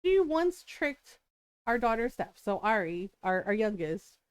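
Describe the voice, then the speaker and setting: A woman's voice: a little high, sing-song, unhurried, clean tone, no echo. A middle-aged woman telling stories from home in a casual chat on her stream, laughing often and checking in with "right?". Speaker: streamer and mother.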